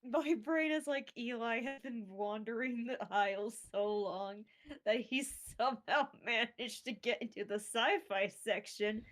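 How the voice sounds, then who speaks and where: A woman's voice: a little high, a bit bright. A woman playing a tabletop game, chatting in a giggly, playful way. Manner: giggly, playful, drawn-out delivery. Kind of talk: casual actual-play banter.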